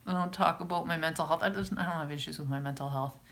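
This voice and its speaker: A woman's voice: low-pitched, fast. A woman with a Calgary, Alberta Canadian accent, chatting casually as a YouTuber who answers viewer comments, rambling and often breaking off mid-sentence. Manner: rambling, self-interrupting, chatty. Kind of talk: casual live chat.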